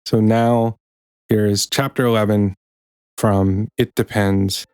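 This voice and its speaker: A man's voice: lowish voice, flat delivery, takes it slowly, darkish tone, clear, resonant tone, faint music behind. A man hosting a podcast in a loose, self-correcting chat, wry about office jargon, and later reading from his own book. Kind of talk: casual reflective talk, then reading aloud.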